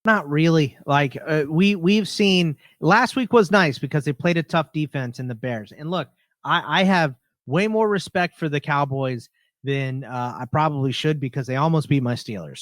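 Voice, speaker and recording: A man's voice: fairly high pitch, dry recording, studio quality. A man co-hosting a fantasy football podcast, talking casually and joking about picks. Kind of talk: casual sports talk.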